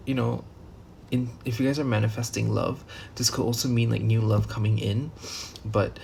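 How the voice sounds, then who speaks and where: A man gives a casual, rambling tarot reading, full of fillers, restarts and the odd curse. His voice sits at an ordinary pitch with a noticeable gravelly fry. A faint hiss of background noise runs under the recording. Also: a little mellow. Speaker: tarot reader.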